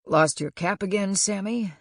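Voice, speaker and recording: A woman's voice: medium pitch, a little slow, a bit bright, no echo, clean studio sound, pitched above the performer's own voice. A woman voicing a friendly, bearded middle-aged man from Kentucky with a folksy, easygoing drawl, in an audiobook. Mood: genial. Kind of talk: audiobook character voice.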